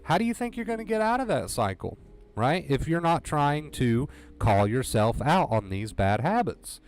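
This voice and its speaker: A man's voice: medium pitch, big pitch swings, a little slow. A man coaching viewers through anxiety recovery on a livestream, talking earnestly and directly, repeating his points for emphasis. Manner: earnest, repetitive, direct pep talk.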